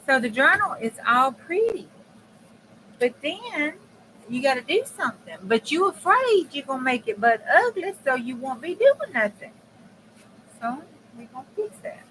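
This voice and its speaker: A woman with a voice that sits high talks at a moderate pace over a rough recording with steady background noise. Hosting a crafting channel, she works at a home craft table and chats casually, folksy and direct to viewers, with dialect phrasing.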